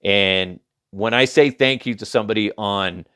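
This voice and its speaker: A man's voice: lowish voice, normal speed, pushed and bright, smooth. Rambling, profane male podcast host. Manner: rambling, profane, laughs at own jokes, does mocking voices. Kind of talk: casual comedic headline rant.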